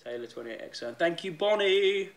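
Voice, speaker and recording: A man's voice: high voice, expressive, a little fast. A young man co-hosting a casual live stream, upbeat and playful as he thanks viewers.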